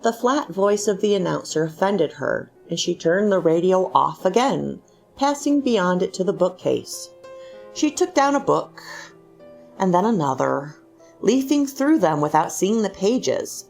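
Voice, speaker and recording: A woman host reading a literary short story aloud in a measured, expressive narration. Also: fairly low pitch, gravelly, soft background music.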